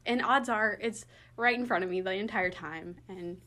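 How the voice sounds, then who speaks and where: A young woman librarian hosting a podcast, chatting casually and telling stories in an animated, excitable way. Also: medium pitch, moderate pace. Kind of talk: casual chat.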